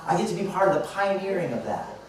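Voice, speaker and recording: A man in his fifties, a motivational speaker telling lively stories to a live audience and acting out both sides of conversations. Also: high-pitched, fast talker. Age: 50s. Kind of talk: storytelling talk to a live audience. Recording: echoey hall, mic far off, faint noise.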